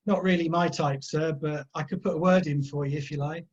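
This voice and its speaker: A man's voice: a little high, fairly even intonation, a little fast, muffled recording, lightly acted. A man voicing a guarded, curt young male detective.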